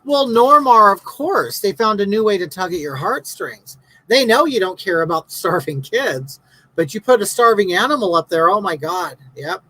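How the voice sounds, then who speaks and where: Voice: medium pitch, lively intonation, normal speed, sharp tone, no room sound, poor audio. A livestream host in their fifties talks straight to viewers, reading their comments aloud between long rants. The delivery is blunt and sarcastic. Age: 50s.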